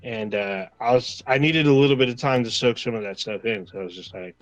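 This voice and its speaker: A man's voice: mid-range voice, brisk, dry recording, lo-fi sound. Rambling, profane man in casual chat. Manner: rambling, profane, retells scenes with quoted reactions. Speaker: podcast co-host.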